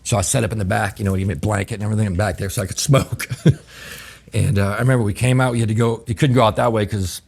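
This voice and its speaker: Deep-voiced, profane man telling stories. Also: fast talker, creaky, husky. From New Orleans. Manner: profane, animated, acts out quoted exchanges. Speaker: guest chef. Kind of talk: casual storytelling.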